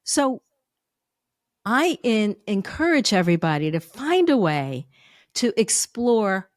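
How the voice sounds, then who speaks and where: A woman's voice: medium pitch, big pitch swings, takes it slowly, no echo, studio quality. A woman speaking as a public speaking coach on a podcast, playful and demonstrative. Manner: playful, demonstrative, acts out examples. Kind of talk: podcast interview guest.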